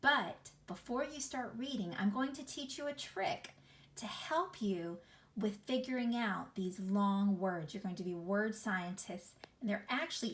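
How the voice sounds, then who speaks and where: A woman teacher giving a recorded reading lesson to children, sounding out words slowly and asking the class lots of tag questions. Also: medium pitch.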